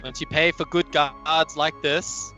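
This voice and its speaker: A man's voice: fairly high pitch, steady tone, unhurried, pushed and bright, highs cut off, faint music behind. A man playing a pompous noble impostor, speaking in a posh, airy voice. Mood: smug.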